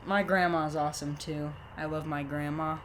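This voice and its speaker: A woman's voice: sits low, steady tone, normal speed, slight background noise. A young woman co-hosting a comedy podcast, telling silly stories in a playful, rambling way. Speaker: podcast co-host. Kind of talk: casual comedic chat.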